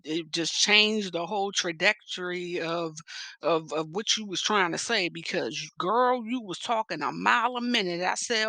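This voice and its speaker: A woman's voice: mid-range voice, gravelly, bright, forceful tone, dry recording. A woman with a Philadelphia accent giving sassy, emphatic gossip commentary, swearing freely and leaning hard on stressed words. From Philadelphia area. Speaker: commentary vlogger.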